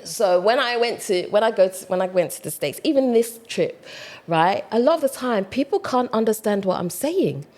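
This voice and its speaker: A woman with a British accent, talking casually to camera in a chatty, animated way. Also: mid-range voice, moderate pace. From United Kingdom. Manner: chatty, animated, mimics other voices. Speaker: vlogger.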